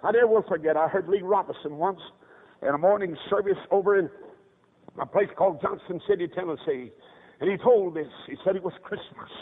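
An older man preaching a revival sermon, fervent, moving from hushed storytelling to high shouted cries. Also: fairly quick, breathy edge. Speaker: evangelist preacher. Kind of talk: old-time revival sermon. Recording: tinny lo-fi sermon tape.

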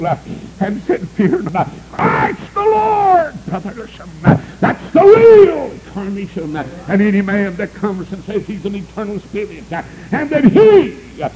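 A man preaching a revival sermon, breaking into sudden high shouted cries and saying "uh" before nearly every phrase. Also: sing-song, moderate pace, background noise.

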